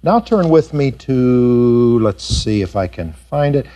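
Lively animated male preacher. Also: slow pace. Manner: animated, rising high when acting out skeptics. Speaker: pastor. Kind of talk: sermon. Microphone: pulpit mic recorded for tape.

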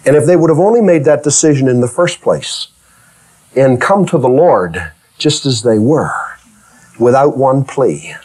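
Animated preacher man with swooping pitch. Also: moderate pace, slightly rough. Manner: dramatic, swings between loud high exclamations and hushed low passages; acts out scripture figures in plain speech. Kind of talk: sermon.

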